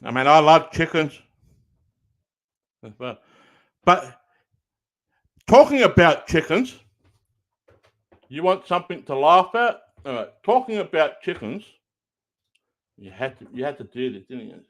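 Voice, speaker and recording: A man's voice: fairly high pitch, animated, unhurried, pauses often, fairly bright tone. A man casually rambling as he hosts a stream, repeating himself while he looks for the next clip. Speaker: streamer reacting to clips.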